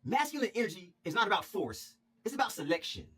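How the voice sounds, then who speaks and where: A man's voice: sits high, sing-song, fast talker, fairly bright tone, slight background noise. A man voicing a streetwise old male groundskeeper who gives blunt, profane advice. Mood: wise.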